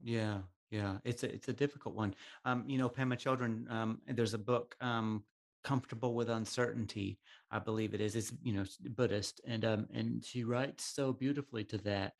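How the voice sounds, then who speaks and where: A man's voice: lowish voice, fairly even intonation, moderate pace, creaky. A man hosting a casual podcast conversation, reflective and thinking aloud with many ums. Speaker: podcast host.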